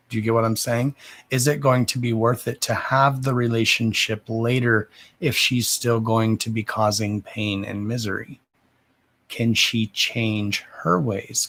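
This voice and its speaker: A man hosting a live psychic reading, talking slowly and deliberately at a mid-range pitch. He keeps saying "okay" and calls the viewer "darling". His voice sounds dry and close, with no room around it. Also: a bit bright, no room sound.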